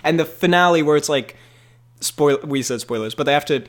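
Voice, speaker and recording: A man's voice: a little high, a little fast. A man co-hosting a casual movie podcast, rambling playfully and laughing often. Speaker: podcast co-host.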